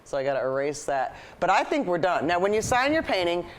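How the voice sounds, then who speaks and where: She has a lowish voice and speaks fairly quickly, sounding very animated. This painting show host and art teacher leads a live lesson, chatting with enthusiasm and thinking aloud as the brush moves.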